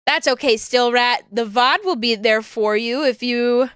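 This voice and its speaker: A woman's voice: on the high side, a little slow, a bit bright, smooth, no echo, clean studio sound. A woman streamer chatting casually with her viewers, rambling, giggling often and searching for words.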